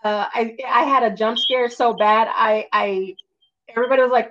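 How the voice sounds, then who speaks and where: A woman talking casually as a podcast guest, telling stories in an animated way and swearing now and then. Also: on the high side, moderate pace. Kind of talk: casual chat. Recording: dull lo-fi audio.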